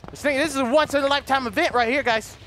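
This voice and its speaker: A man's voice: extremely high pitch, racing, a bit bright, slight background noise. A man with a sore, strained throat doing gameplay commentary, joking to viewers and screaming and swearing at scares. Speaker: let's play host.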